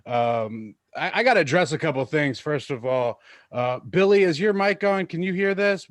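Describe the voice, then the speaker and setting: A man's voice: a little high, animated, normal speed, dry recording. A man doing stand-up over a video call, teasing people in a wry, conversational way. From Seattle area. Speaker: stand-up comedian.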